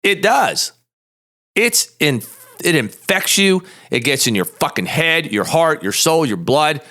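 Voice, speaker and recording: A man's voice: a little high, very animated, slow pace, bright, forceful tone. A man in his fifties, a lawyer hosting a show, ranting bluntly and profanely in a combative monologue. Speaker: podcast host, lawyer.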